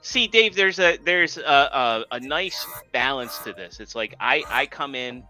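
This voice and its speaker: A man's voice: mid-range voice, expressive, over music. A man co-hosting a live podcast, chatting casually and telling a long joke with plenty of fillers. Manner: rambling, halting joke-telling with many fillers. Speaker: podcast co-host. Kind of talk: casual live-stream chat.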